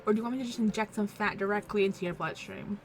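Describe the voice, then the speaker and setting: A woman's voice: mid-range voice, steady tone, fast talker, lightly acted. A woman voicing an awkward, well-meaning dad who speaks earnestly and cracks jokes. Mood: playful.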